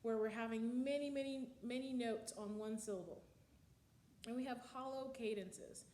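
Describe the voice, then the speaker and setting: A woman's voice: a little high, normal speed, warm tone, roomy sound, slight background noise. A woman teaching music history in a slide lecture, explaining with frequent ums and counting out the beats.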